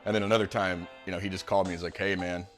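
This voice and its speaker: A man's voice: low voice, steady tone, racing, soft background music. A man telling a casual anecdote as a guest, acting out the people he quotes. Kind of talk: casual storytelling.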